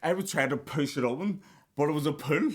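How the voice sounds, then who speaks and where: A man's voice: a little high, a little fast, slightly rough. A young male boxer co-hosting a podcast, chiming in animatedly with extra detail in casual chat. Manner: animated, chimes in and adds detail.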